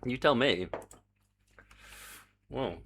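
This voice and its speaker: Exasperated man, lively pitch. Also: extremely slow. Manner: exasperated muttering and humming to himself. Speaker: game developer streaming his work. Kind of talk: casual live-stream chat while coding.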